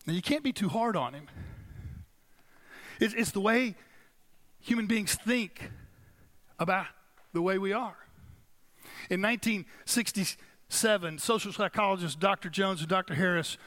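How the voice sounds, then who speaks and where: A man delivers a sermon as the pastor, his voice sitting high and sounding clear and bright. He talks to the congregation in a relaxed, conversational way. He slows down and stresses the phrases he wants to land. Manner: conversational, emphatic preaching with slowed, stressed phrases.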